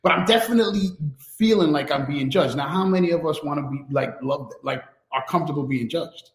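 A man with a fairly high voice speaks openly and with energy, restarting his sentences and tagging them with quick asides. The sound carries a noticeable room echo. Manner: candid, animated, many restarts and "right?" tags. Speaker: guest, enterprise technology strategist. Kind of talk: casual conversational interview.

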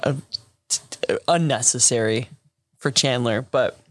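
A woman's voice: a bass voice, a little slow, no room sound. A woman co-hosting a podcast who recaps episodes in casual chat, laughs easily and acts out quotes. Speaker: podcast co-host.

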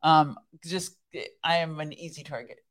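A woman's voice: low-pitched, little pitch movement, measured pace. A woman co-hosting a faith podcast, chatting earnestly and leading a prayer. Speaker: podcast co-host. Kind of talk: casual chat and spoken prayer.

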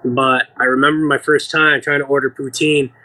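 A young American man telling an animated, profane story as an interview guest, acting out the people he quotes. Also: mid-range voice, normal speed. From United States. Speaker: guest fighter.

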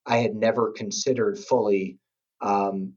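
Low husky-voiced middle-aged man, lo-fi. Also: steady tone, a little mellow. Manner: enthusiastic, halting, with many restarts. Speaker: guest, company executive. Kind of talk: casual podcast interview.

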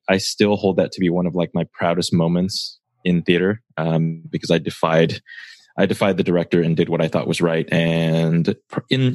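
A man's voice: sits low, no room sound. A man in his twenties co-hosting a podcast, chatting casually and telling stories with candid swearing. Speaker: podcast co-host. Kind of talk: casual chat.

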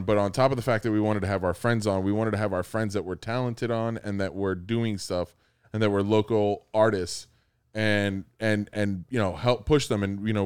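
A man's voice: on the low side, clean tone. A man co-hosting a podcast in casual chat, rambling and cursing, with lots of restarts and fillers. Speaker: podcast co-host.

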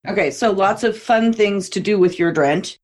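A woman's voice: mid-range voice, normal speed, a little mellow. A woman hosting a podcast interview. She keeps affirming the guest with short "right"s and asks open questions. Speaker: podcast host. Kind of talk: interview chat.

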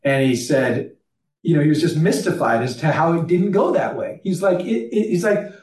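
Male guest, CEO type, earnest storyteller with a slightly high voice, recorded off-mic in an echoey room. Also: expressive, normal speed, darkish tone, recorded from a distance. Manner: earnest storytelling, frequent restarts and fillers. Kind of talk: conversational podcast interview. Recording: roomy echo, off-mic.

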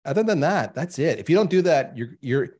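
A man in his fifties with a fairly high, husky voice talks briskly as a podcast guest. He tells stories emphatically and animatedly, speaking straight to listeners.

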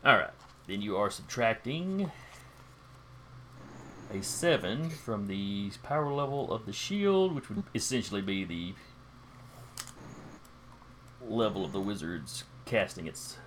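A man's voice: on the low side, very animated, slow, pauses often, fairly bright tone, slight background noise. A man running a tabletop game as game master, reading out rules plainly and asking players for rolls. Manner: reads rules aloud, plain and matter-of-fact.

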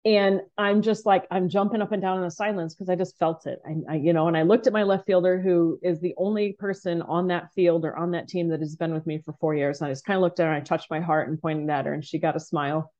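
A woman coach telling a podcast story with a lowish, mellow voice. She acts out quotes from the game in lively bursts. The sound is a bit dull and lo-fi. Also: quick pace, hardly any pauses. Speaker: softball coach.

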